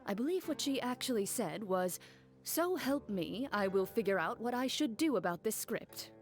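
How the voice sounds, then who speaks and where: A woman playing a composed, blunt young woman who speaks in a calm, matter-of-fact way. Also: fairly high pitch, moderate pace. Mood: dry. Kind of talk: game dialogue voice acting. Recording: game cutscene with faint music.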